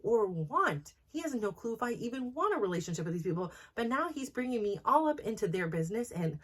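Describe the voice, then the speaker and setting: A woman's voice: on the high side, very animated, brisk. A middle-aged woman hosting a personal talk, speaking frankly and emotionally, rambling with lots of "like" fillers. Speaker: host.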